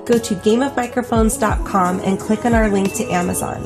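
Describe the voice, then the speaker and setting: A woman's voice: medium pitch, steady tone, a little fast, over music. A woman co-hosting a podcast in casual chat, reacting and laughing often. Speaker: podcast co-host. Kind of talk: casual chat recapping a TV show.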